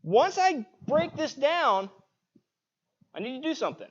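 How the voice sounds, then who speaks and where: A man with a fairly high voice leads a live-streamed self-defense class, talking casually and checking in as he demonstrates. He wears a clip-on mic, and the audio is dull and lo-fi. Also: sing-song, a little slow, a bit bright. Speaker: martial arts instructor. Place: martial arts studio. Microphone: clip-on mic, sometimes knocked off.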